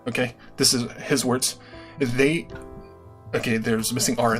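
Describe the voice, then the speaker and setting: Man in his own voice, livestream host, casual and earnest, keeps checking in with the audience, mid pitch, soft music underneath. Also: fairly even intonation, a little slow.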